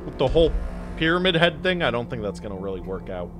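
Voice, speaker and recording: A man's voice: medium pitch, sing-song, fast, music in the background. A young man playing a horror game for his channel, joking with the characters and swearing at jump scares. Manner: jokey, reactive, talks to the game characters; swears and jumps between loud outbursts and muttering. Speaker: gaming YouTuber. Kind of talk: horror game let's play commentary.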